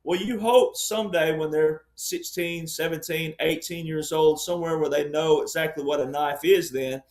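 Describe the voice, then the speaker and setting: A man's voice: on the high side, roomy sound. A man speaking as a panel guest, explaining his point emphatically and repeating key ideas like a lecturer.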